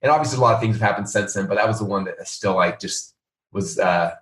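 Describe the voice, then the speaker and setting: A middle-aged man, a company founder, telling a story in a casual interview and acting out the people he quotes. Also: fast. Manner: animated, acts out quoted voices in a higher pitch. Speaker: founder and CEO of a software company. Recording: roomy sound, a bit off-mic.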